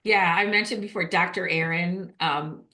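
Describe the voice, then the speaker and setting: A woman's voice: on the low side, steady tone, normal speed, bright, forceful tone. A middle-aged woman hosting a podcast, chatting casually and telling stories with many restarts and fillers. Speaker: podcast host. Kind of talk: casual interview chat.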